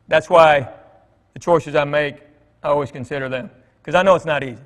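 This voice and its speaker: A middle-aged man with a slightly high voice talks to a church crowd on a stage mic. He tells stories in a loose, joking way, full of fillers and asides. His voice carries a long reverb from the large hall. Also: brisk. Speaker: comedian speaking at church. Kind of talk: storytelling talk to a congregation.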